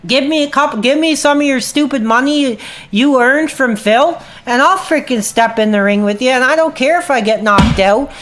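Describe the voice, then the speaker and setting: A woman's voice: high voice, moderate pace, a bit bright, faint music behind. A woman livestreamer ranting angrily at her chat in a heated, profane way. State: agitated. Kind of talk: angry livestream rant.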